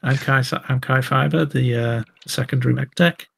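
A man's voice: mid-range voice, fairly even intonation, normal speed, creaky, fairly bright tone, a little hiss or hum, voice pushed up. A man voicing an eager young male mechanic with a put-on American Southern accent. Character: young brash male southern tech, "Kai".

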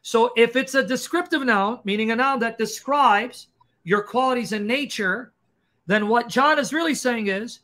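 High, bright-voiced man lecturing emphatically. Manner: fast, emphatic, combative, lecturing. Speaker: Christian apologist host. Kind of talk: livestream teaching Q&A.

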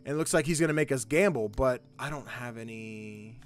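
A man hosting a gaming channel, thinking out loud in goofy, excitable let's play commentary. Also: medium pitch, a little fast, soft background music.

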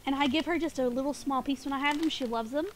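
A high-voiced woman streams a game from home, chatting to viewers in a playful, giggly way. She sounds a little sniffly and groggy. A faint hum sits behind her streaming mic. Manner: playful and giggly, quick asides. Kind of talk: casual live-stream chat.

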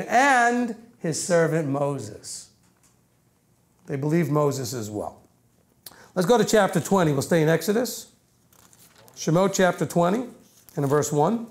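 A man teaching a congregation of about a hundred and fifty people through a microphone, in a loose, conversational sermon with frequent self-corrections. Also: high voice. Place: meeting room with about 150 people.

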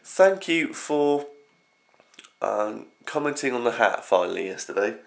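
A young man rambling through a casual early morning vlog at home, his voice groggy and croaky from just getting up. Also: mid-range voice, sing-song, unhurried. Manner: rambling, scattered. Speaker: vlogger.

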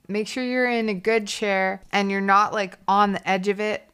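A woman's voice: medium pitch, gravelly, fairly bright tone, smooth. A woman streamer chatting casually on a livestream and laughing often. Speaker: Twitch streamer.

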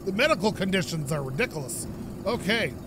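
A man's voice: high voice, sing-song, brisk, background noise. A man from Canada rambling through casual let's-play commentary, a bit stuffed-up from dust and laughing often. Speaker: gaming YouTuber.

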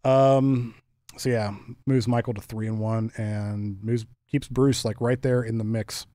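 A man's voice: on the low side, steady tone, a little slow, mellow, no room sound, clean studio sound. A young man hosting a casual fantasy football podcast, joking and running the segments. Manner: laid-back, joking, runs the segments. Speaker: podcast host.

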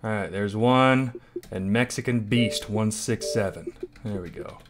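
A man's voice: lowish voice, measured pace, music in the background. A man hosting a live game stream, talking in brash, crude, teasing banter over a headset.

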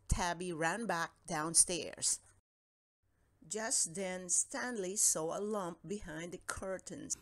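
A woman narrating a children's picture book in a gentle, expressive storytelling voice. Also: fairly low pitch, slow pace. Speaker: storybook reader. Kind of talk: children's read-aloud narration.

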